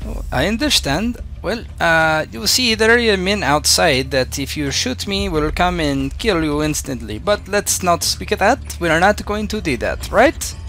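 A man voicing a calm, persuasive German woman agent in a tabletop game, with a put-on German accent. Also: high voice, measured pace, few pauses, soft background music, voice pushed up, heavily acted.

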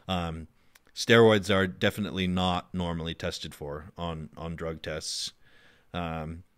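Man, podcast host, lowish voice, dry close sound, blunt, swears a lot, rambling ums. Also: no echo. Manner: blunt, profane, gets worked up and loud; loose delivery with many ums and restarts. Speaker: podcast host answering listener questions. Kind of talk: casual monologue.

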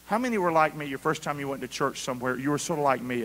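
High, bright-voiced male preacher. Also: lively intonation, racing, few pauses. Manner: call-and-response preaching, shifting from quiet asides to loud shouts. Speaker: pastor. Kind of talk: sermon. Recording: long hall reverb.

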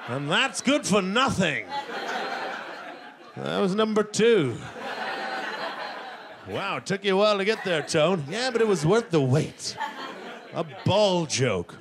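Male stand-up comedian, middle-aged, high lively voice, rambling self-mocking delivery, sudden shouts. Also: slow pace, long pauses, a crowd in the background. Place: comedy stage before a laughing audience.

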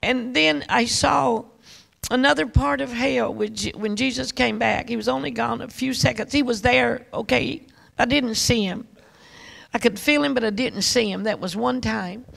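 A woman's voice: a little high, normal speed, gravelly, fairly bright tone. A woman preacher telling a testimony sermon in an emphatic, repetitive storytelling manner, addressing the congregation directly.

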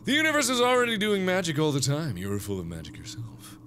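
A man's voice: on the high side, wildly swooping pitch, fast talker, a bit bright, a little hiss or hum, voice pushed up. A man voicing glowing fairy-like beings in a game who speak in solemn, grandiose riddles.

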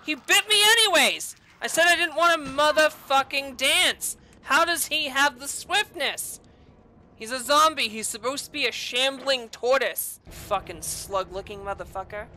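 A young woman hosting a gaming channel, giving raging gameplay commentary, swearing and yelling in frustration. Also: high-pitched, measured pace, slight background noise.

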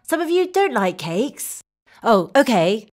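A woman's voice: fairly high pitch, sing-song, takes it slowly. A woman teaching children English in a scripted cartoon lesson, talking in an exaggerated sing-song way that coaxes kids to repeat phrases.

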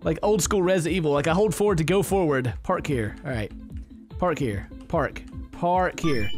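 A man's voice: high voice, brisk, faint music behind. A man giving comedic, sarcastic commentary while playing a game, laughing often. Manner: animated and jokey, laughing often, sarcastic asides. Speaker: let's play gamer.

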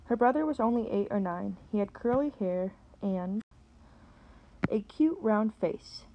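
A woman, a teacher, reading a novel aloud and pausing to explain words. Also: medium pitch, lively intonation, dull audio, a little hiss or hum.

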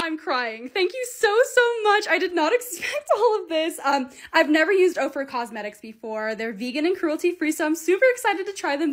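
A young woman narrating her own lifestyle vlog in a bubbly, excitable, casual way. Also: high voice. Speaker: lifestyle content creator.

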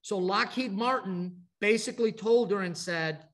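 Chatty storytelling man, slightly high voice. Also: normal speed, fairly bright tone. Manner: conversational, storytelling, frequent asides and restarts. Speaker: speaker at an advocacy training event. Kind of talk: informal presentation to a group.

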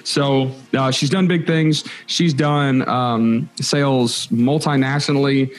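A man's voice: medium pitch, fairly even intonation, slow pace. A man hosting a podcast interview, joking and rambling in a loose, casual way. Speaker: podcast host.

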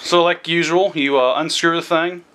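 Young male repair vlogger, breathless and excitable, slightly higher voice. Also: moderate pace, slight background noise. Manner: excitable, rambling. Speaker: repair video host. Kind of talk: casual repair tutorial.

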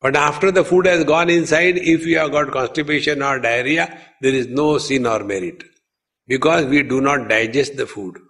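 A man's voice: mid-range voice, steady tone, normal speed, fairly bright tone. A man with an Indian English accent giving a humorous spiritual discourse, chanting verses and telling stories. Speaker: spiritual teacher.

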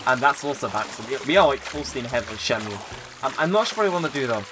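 A man hosting a casual let's play, rambling through his plans with many pauses and fillers. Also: mid-range voice, noisy background. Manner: rambling, relaxed, lots of ums and likes. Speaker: gaming channel host.

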